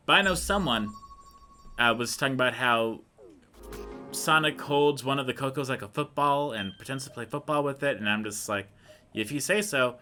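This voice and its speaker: Young male let's-play host, bright tone, goofy rambler, jokes at his own expense. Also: mid-range voice. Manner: rambling, self-deprecating, goofy asides. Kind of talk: casual gameplay commentary.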